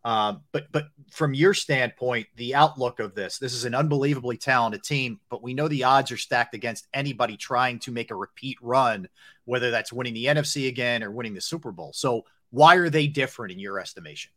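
A man's voice: mid-range voice, fairly quick, a bit bright. A man hosting a sports talk radio show, asking his guest easygoing questions. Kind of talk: casual sports radio interview.

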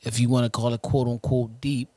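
A man's voice: medium pitch, level tone, fairly quick, dark tone, no room sound. A man in his forties co-hosting a podcast, casual and playful, singing his intros. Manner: laid-back, playful, sing-song intros. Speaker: podcast co-host. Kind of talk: casual chat.

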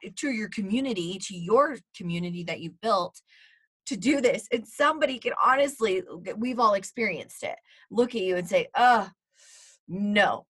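A woman co-hosting a podcast, talking in a rambling, animated way with lots of fillers. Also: mid-range voice, normal speed, breathy edge. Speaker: podcast co-host. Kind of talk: casual podcast chat.

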